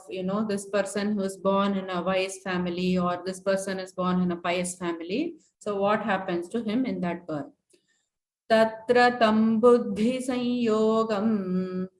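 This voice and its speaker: A woman teaching scripture, chanting Sanskrit verses slowly and then explaining them word by word. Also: a little high. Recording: echoey room.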